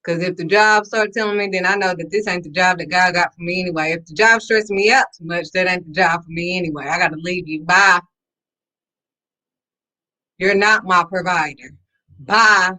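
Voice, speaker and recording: A bright, clear-toned woman speaking in an emphatic, preachy talk to camera. She is sassy and direct, and repeats her lines for effect. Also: lowish voice, steady tone, fast talker, few pauses. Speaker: faith vlogger.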